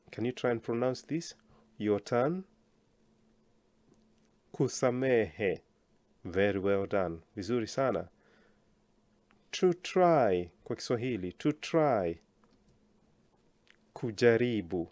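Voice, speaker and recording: Male teacher, encouraging, slow careful enunciation, repeat-after-me drills, medium pitch, dry recording. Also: a little mellow, dry recording. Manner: slow, clear enunciation of words for learners to repeat; encouraging, praises learners often. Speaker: Swahili language teacher.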